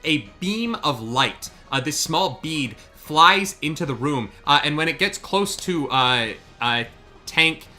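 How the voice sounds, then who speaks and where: A man runs a tabletop game as game master, his voice very bright and a little high. He stops and starts with many fillers and drops joking, profane asides. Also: expressive, slow pace, soft background music. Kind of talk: running a live tabletop game.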